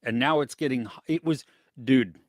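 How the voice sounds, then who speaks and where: On a live movie chat stream, a male co-host greets viewers by name, reading them from chat, and laughs a lot in an animated way. His voice is medium-pitched at a normal speed, recorded clean in a studio with no room sound.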